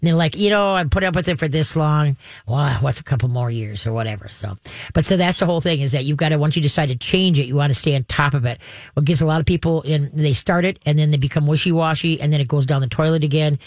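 A woman's voice: deep voice, fast talker. A woman hosts a call-in advice show as a dog trainer, talking in a chatty, emphatic way and laughing between her points. She often checks in with her listener. The voice sounds close and dry, with no room echo. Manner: laughs often while explaining. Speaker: dog trainer and radio host.

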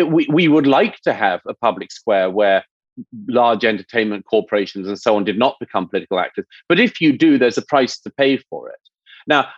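Measured male guest, dull lo-fi sound. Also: medium pitch, slightly rough, no echo. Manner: hesitant restarts, measured and reasoned. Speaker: interview guest. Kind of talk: interview discussion.

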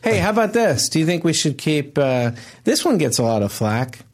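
A man's voice: a little high, sing-song, moderate pace, a little hiss or hum. A man hosting a comedy podcast, rambling and hesitant with many ums in casual banter.

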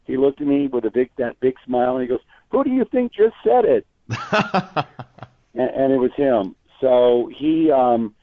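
Chatty male reporter guest on a phone line, lowish voice, dry and tinny. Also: no room sound. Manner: chatty storyteller with frequent restarts. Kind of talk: casual phone interview.

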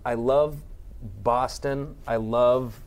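Halting, easygoing middle-aged man. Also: medium pitch, fairly even intonation. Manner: halting, restarts often, laughs easily. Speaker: guest actor. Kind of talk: casual podcast chat.

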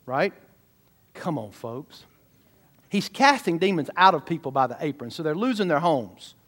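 A man preaching from the pulpit in a high, lively voice. He swings from quiet asides to sudden loud bursts, addressing the congregation directly. His delivery is animated and conversational. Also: normal speed. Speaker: pastor. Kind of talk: sermon.

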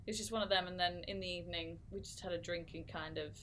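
A woman's voice: fairly low pitch, fairly even intonation, fast, fairly bright tone, a little hiss or hum. A woman in her thirties co-hosting a podcast, telling a personal story in casual chat with lots of fillers and restarts. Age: 30s. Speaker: podcast co-host.

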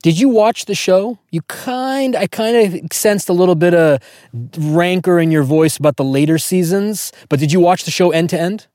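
Male interviewer, somewhat high voice, dry close sound, short encouraging replies. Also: normal speed, darkish tone, dry recording. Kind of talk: interview questions.

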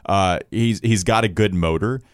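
A man's voice: lowish voice, moderate pace, clear, resonant tone, dry recording, studio quality. A man hosting a casual sports podcast, laughing easily as he runs through stats and draft picks. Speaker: podcast host.

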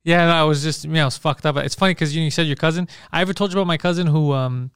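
A man rattles through crude anecdotes at a quick clip, his voice clear and crisp. He swears freely and acts out the people in his stories. The sound is close and dry. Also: a little high, no room sound. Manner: swearing, animated, acts out quotes. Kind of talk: casual storytelling chat.

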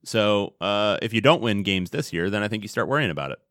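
A man with a low voice who explains things plainly and slips in wry jokes. His tone stays matter-of-fact. The recording is close and dry. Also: animated, brisk, a bit bright, dry recording. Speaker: podcast co-host. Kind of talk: casual sports analysis.

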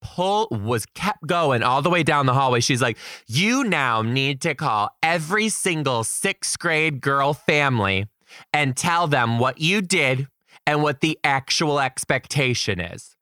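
Brief: young male teacher, bright lively voice, dry close sound, emphatic storyteller. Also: medium pitch, unhurried, no echo. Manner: animated, emphatic, quotes people dramatically. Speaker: teacher giving career advice. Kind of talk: storytelling advice monologue.

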